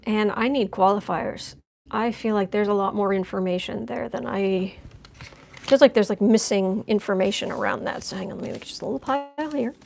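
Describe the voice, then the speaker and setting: A woman's voice: medium pitch, normal speed, creaky, darkish tone. A woman giving a chatty live-stream tarot reading, making wry asides as she lays out cards. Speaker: tarot reader.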